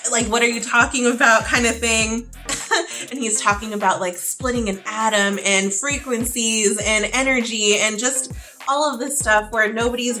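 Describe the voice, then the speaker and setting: Woman, beauty vlogger, casual talky delivery, bright tone, faint music under. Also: mid-range voice. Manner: chatty, heavy use of "like" fillers. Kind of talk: casual get-ready-with-me chat.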